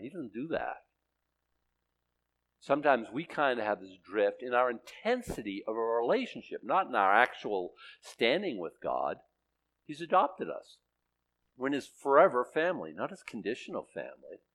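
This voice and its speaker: Middle-aged male pastor, chatty sermon delivery, joking at his own expense, halting restarts. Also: mid-range voice, very animated. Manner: conversational, self-deprecating, halting with repeated restarts.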